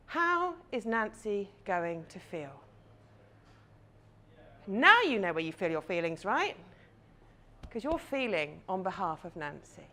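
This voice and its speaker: A woman in her thirties gives a live talk as a confidence coach. She guides her audience through an imagined scene in a chatty, engaged way. Her pitch rises and falls in a lively way. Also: slow pace, pauses often.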